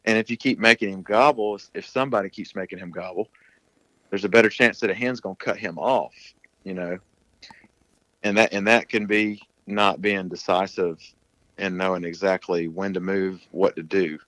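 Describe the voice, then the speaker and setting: A man's voice: low voice, fairly even intonation, normal speed, fairly bright tone, no echo, poor audio. A man talking casually as a podcast guest, explaining at length in a plain-spoken way. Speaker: guest, turkey hunter.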